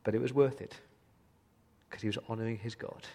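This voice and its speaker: A man's voice: on the low side, fairly even intonation, brisk, darkish tone. A man preaching a sermon as a pastor, earnest and pleading, asking many questions of his listeners. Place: church hall. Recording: long hall reverb.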